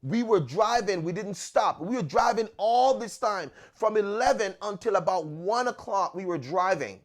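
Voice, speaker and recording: A man's voice: high-pitched, expressive, normal speed. A man hosting a podcast, telling a personal story in an earnest, conversational way and often repeating words as he restarts. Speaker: podcast host.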